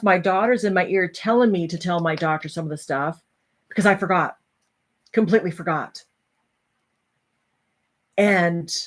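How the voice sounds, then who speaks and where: Low-voiced woman telling a personal story. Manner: animated storytelling, acting out other voices. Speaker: host.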